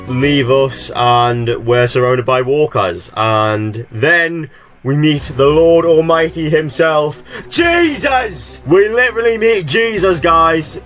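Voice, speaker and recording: Sarcastic, swearing gaming commentator man. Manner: exasperated, sarcastic, swears a lot, jumps to high excited yelps. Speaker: gaming video creator. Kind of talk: sarcastic gameplay recap commentary.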